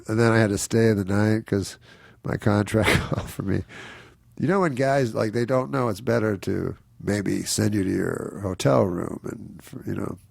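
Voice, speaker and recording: A man telling rambling comic anecdotes on a podcast, slipping into higher voices for the people he quotes. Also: vocal fry, darkish tone, husky, dry recording, clean studio sound. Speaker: comedian guest. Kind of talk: casual storytelling chat.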